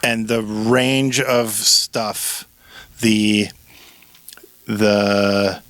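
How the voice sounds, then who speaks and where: Slow-talking male podcast co-host. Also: lowish voice, little pitch movement, a bit bright, dry recording. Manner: searching for words, emphatic. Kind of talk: casual podcast chat.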